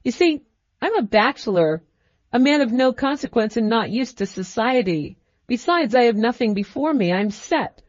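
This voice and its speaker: A woman's voice: on the high side, lively intonation, moderate pace, no room sound, muffled recording, close to an everyday voice. Woman doing a crafty, fussy magistrate. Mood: confiding. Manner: cackling, fussy and ingratiating. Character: crafty fussy middle-aged male magistrate.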